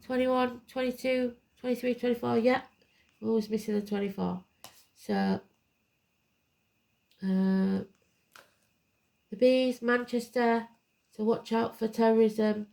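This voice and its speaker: A woman's voice: a little high, steady tone, takes it slowly, vocal fry, long pauses, warm tone. A woman giving a live tarot card reading, blunt and emphatic, drifting into rambling asides. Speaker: tarot reader.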